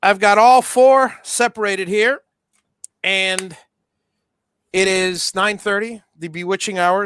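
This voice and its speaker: A man's voice: on the high side, fairly bright tone, smooth, no echo, studio quality. A man hosting a casual livestream, chatting while he solders, with many restarts and fillers. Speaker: livestream host.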